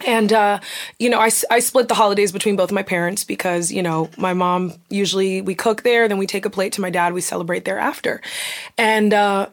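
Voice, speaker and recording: A woman's voice: mid-range voice, a little fast. A young woman hosting a casual talk show, telling a personal story candidly and acting out the voices of people in it. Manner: candid, animated, acts out quoted voices.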